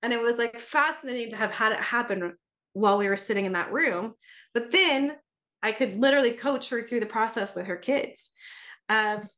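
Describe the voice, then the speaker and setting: Animated, higher-voiced woman coach. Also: normal speed. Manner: animated storyteller, acts out dialogue. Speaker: guest, parenting coach. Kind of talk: casual podcast conversation.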